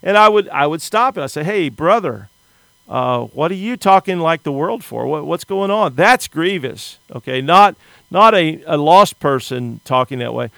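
A man's voice: on the high side, expressive, moderate pace, gravelly, fairly bright tone, clear, resonant tone, no room sound. Earnest middle-aged American man preaching. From United States. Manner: earnest, repeats words when starting sentences. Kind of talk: sermon.

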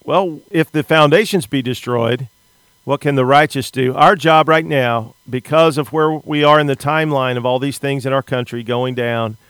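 A man's voice: mid-range voice, moderate pace, fairly bright tone, clean tone, no echo. A middle-aged man from the United States preaching a sermon, earnest and often repeating words as he starts a sentence.

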